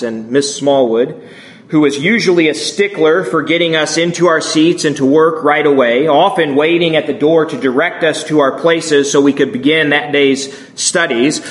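A man in his thirties telling a story in a sermon, speaking in a slow, measured, hushed way with long pauses. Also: fairly high pitch. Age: 30s. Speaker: speaker addressing a congregation.

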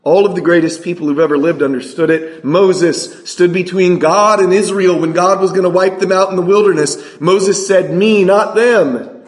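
Man preaching, high voice, emphatic rhetorical questions, roomy church echo. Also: steady tone. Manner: reads scripture aloud slowly. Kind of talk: sermon.

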